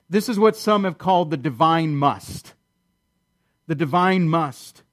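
Earnest higher-voiced preacher man. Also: expressive, moderate pace. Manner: earnest, emphatic, repeats key phrases. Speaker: pastor. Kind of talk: sermon.

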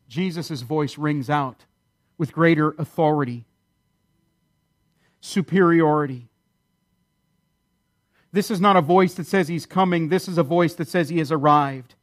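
A man preaching a sermon in an earnest, emphatic way, repeating key phrases and slowing down to stress key lines. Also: a little high. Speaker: pastor.

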